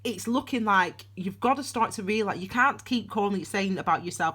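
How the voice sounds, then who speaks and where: Speaking solo to camera, this young tarot reader has a mid-range, animated voice with a fairly bright, breathy tone and a moderate pace. Her reading is casual and meandering, full of self-interruptions and restarts.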